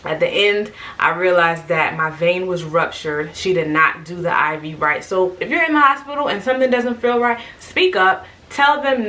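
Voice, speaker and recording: A young woman telling a story in a casual, animated way, acting out what people said. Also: mid-range voice, unhurried, distant mic, rough recording. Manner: animated, lively, quotes people in raised voices. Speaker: vlogger.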